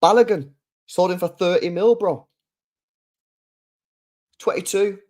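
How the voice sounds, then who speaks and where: A man's voice: sits high, takes it slowly, darkish tone. A man hosting a football channel, delivering a heated, sweary solo rant full of rhetorical questions.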